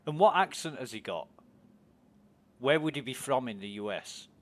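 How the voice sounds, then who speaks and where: A chatty British man who talks casually to friends while he streams a game. He asks question after question in an ordinary, mid-pitched voice. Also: animated, normal speed. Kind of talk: casual chat while gaming.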